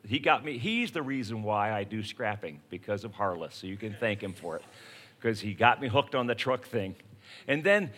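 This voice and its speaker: A man preaching a sermon, telling everyday stories and acting out scenes to make his point. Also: on the high side. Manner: storytelling, animated, acts out scenes. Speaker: pastor.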